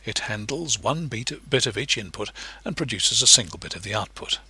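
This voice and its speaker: A man's voice: moderate pace, breathy edge, no room sound. A man giving a recorded lecture, explaining patiently step by step. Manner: patient, explanatory, lively pitch shifts.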